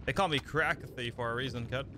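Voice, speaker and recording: A man's voice: medium pitch, brisk, a little hiss or hum. A young man streaming a shooter game, trash-talking and repeating catchphrases as he plays. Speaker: gaming streamer. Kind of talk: live gameplay commentary. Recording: loud gunfire from the game behind. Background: shooter game gunfire and explosions.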